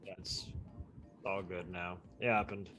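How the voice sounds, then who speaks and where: A man's voice: sits low, flat delivery, a little slow, sharp tone, a little hiss or hum. A young man co-hosting a podcast, chiming in with short dry, amused comments in casual chat. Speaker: podcast co-host.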